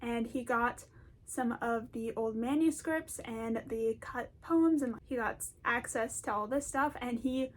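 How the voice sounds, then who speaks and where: High-voiced, chatty woman rambling. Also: a little slow. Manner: chatty, self-deprecating, laughs often. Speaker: video essayist. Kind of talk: casual rambling commentary.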